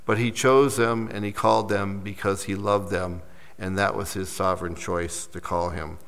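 A lower-voiced man delivers a sermon from the pulpit, building to emphatic peaks and then dropping to quiet, settled endings. His voice rings out with a long hall reverb, as if in a large church sanctuary. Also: fairly even intonation, moderate pace. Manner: preaching with rising emphasis and soft drops. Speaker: pastor.

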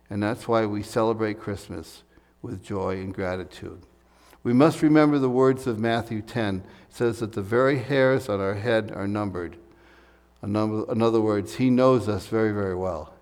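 A man's voice: medium pitch, a little mellow. Preaching man in a reverberant hall. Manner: earnest, repeats key phrases for emphasis. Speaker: pastor. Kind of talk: sermon.

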